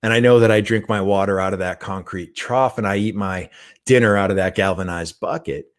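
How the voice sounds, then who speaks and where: A man voicing a proud, defiant caged male lion in a spoken story, with a somewhat low voice. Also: fairly quick, close to an everyday voice.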